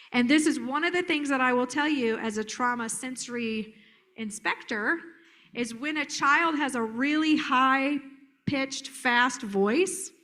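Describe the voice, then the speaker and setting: Casual lively lady therapist teaching a conference crowd, kinda high voice, playful. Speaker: trauma therapist presenter. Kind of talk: conference workshop talk. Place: conference hall.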